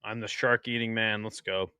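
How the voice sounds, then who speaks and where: A young man hosting a casual live-stream watch party, crude and excitable, joking with his chat. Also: on the low side, moderate pace, clean tone, dry recording.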